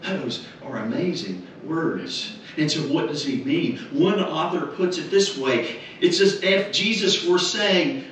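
Slow-preaching man, echoing chapel from afar. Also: animated, distant mic, a little hiss or hum. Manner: deliberate preaching, emphatic repetition, drops to soft low tones. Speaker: minister. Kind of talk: funeral sermon. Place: funeral home chapel. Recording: very echoey chapel, heard from afar.

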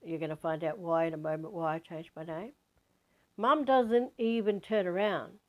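Lively Australian woman telling a story. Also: fairly low pitch, moderate pace. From Western Australia. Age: over 50. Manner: animated, acts out quoted voices. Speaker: spiritual teacher. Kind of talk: personal storytelling.

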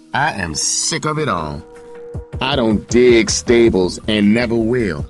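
A man's voice: mid-range voice, a bit bright, pitched above the performer's own voice, close to an everyday voice. A man voicing a defiant young woman who is fed up with her pimp, in an audiobook reading. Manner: angry, defiant. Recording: distant mic, faint music.

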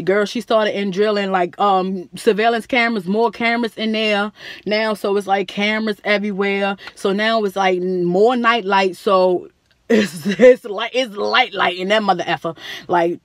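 Slangy animated woman vlogger. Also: mid-range voice, normal speed, no room sound, clean studio sound. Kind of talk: casual storytelling to camera.

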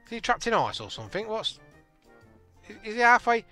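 A man, casually and excitably commentating a game, joking and laughing at his own jokes. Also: sits high, fairly quick, faint music behind. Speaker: gaming channel host.

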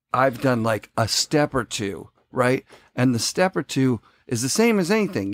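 A man's voice: mid-range voice, vocal fry, dry recording. A man hosting a podcast, talking in casual chat, agreeable and reflective. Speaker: podcast host.

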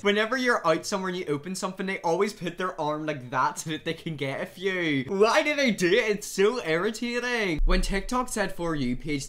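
A man's voice: on the high side, a bit bright. A young man, chatting and ranting casually as he reacts to short videos. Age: young adult. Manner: chatty, ranting, often exasperated.

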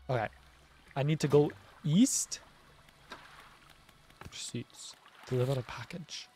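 A male streamer talking his way through a game in a playful, joking manner, even chatting to the fish. His voice sits in an ordinary middle pitch. Faint game music plays in the background. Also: slow, long pauses. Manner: playful, jokey, talks to the fish. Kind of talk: casual gameplay commentary.

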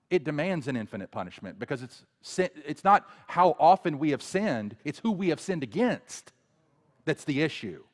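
Earnest preacher in a reverberant hall. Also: male voice. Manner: earnest preaching, swelling loud when voicing a plea, then dropping low and quiet. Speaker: pastor. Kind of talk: sermon. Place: church sanctuary. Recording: long reverb of a church hall.

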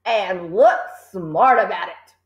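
A woman putting on a brutal headmistress from a storybook, bellowing insults at a slow, hammering pace with her voice pushed high, every word thrown hard across a roomy, echoing space. A furious tyrant booming at a child. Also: lively intonation, dull audio. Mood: barking. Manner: barking, shouting insults.

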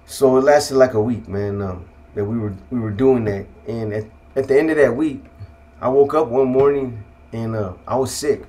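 Middle-aged man from California, ordinary male pitch, casual street talk, subdued and reflective, slips into quiet asides. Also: moderate pace. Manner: street slang, frequent "man" and "you know what I mean". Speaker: guest telling his life story. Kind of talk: casual storytelling.

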